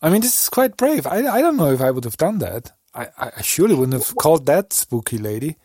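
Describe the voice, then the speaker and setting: Guy hosting a live stream interview, chatty, kinda high voice, dry sound. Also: sing-song, fast talker, warm tone, slightly rough, no room sound. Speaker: interview host.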